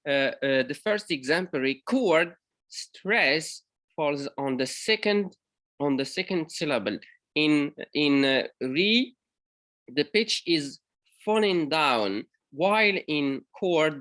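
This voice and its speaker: A Moroccan university lecturer gives an academic conference presentation, his somewhat high, slightly bright voice halting along with frequent pauses and self-corrections.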